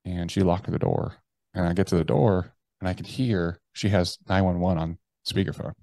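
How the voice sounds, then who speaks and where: Deep-voiced man telling a raw story. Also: steady tone, normal speed, gravelly, warm tone, no echo. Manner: casual and profane, heavy use of "like" and "bro". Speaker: interview guest, army veteran. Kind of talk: casual personal storytelling.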